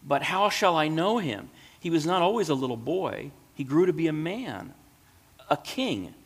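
A man voicing a kindly old shoemaker who talks softly, with fond sighs. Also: on the high side, lively intonation, normal speed, slightly rough. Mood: wistful.

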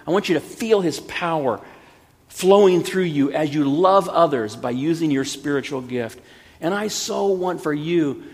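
A man in his fifties, a pastor preaching a sermon in an earnest, pleading way that builds to emphatic peaks, with a gravelly, husky voice. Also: on the high side, darkish tone, big-room sound.

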